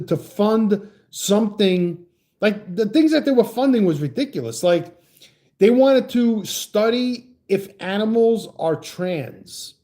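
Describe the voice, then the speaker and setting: A man rants heatedly on a livestream, his voice sitting high and swooping up and down as he argues. The tone is mellow and dark despite the pitch, and he trips into profane, stammering restarts while greeting viewers from the chat. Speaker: livestream host reading chat. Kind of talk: ranting political livestream chat.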